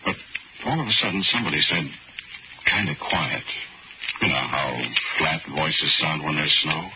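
Very deep-voiced folksy radio narrator, a man. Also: normal speed, dull audio, noisy background. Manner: folksy, wry storyteller. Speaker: narrator and lead character. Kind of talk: 1940s radio drama narration. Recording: old radio recording with loud music.

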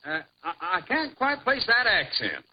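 Texan cattleman, hearty drawl, high bouncy voice, old radio comedy, dull lo-fi sound, loud hiss. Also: huge pitch swings, a little slow, exaggerated voice. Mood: folksy. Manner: drawling, hearty, good-natured. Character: folksy, dim Texas cattleman. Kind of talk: 1940s radio comedy acting.

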